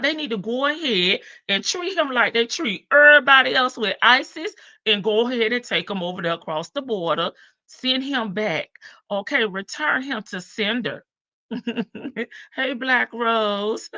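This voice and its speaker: A woman's voice: fairly high pitch, pushed and bright, no room sound. An older woman hosting a casual live stream, greeting viewers one by one and stretching out her hellos. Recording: dull lo-fi stream audio.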